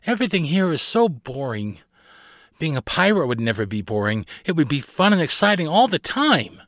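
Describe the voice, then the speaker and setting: A man voicing a spirited, stubborn little girl in a high, pouting voice, for a storybook reading. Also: sing-song, moderate pace, a bit bright, no room sound, studio quality. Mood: longing.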